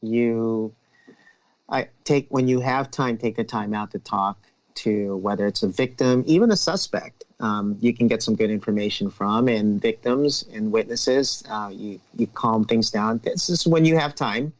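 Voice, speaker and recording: Low-voiced police officer man, dull lo-fi audio. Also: measured pace. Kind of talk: casual podcast storytelling.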